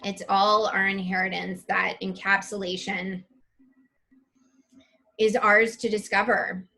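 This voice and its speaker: A woman's voice: mid-range voice, level tone, takes it slowly, gravelly, sharp tone. A woman presenting a live online spiritual masterclass, reading chat comments aloud and gushing over them with open emotion.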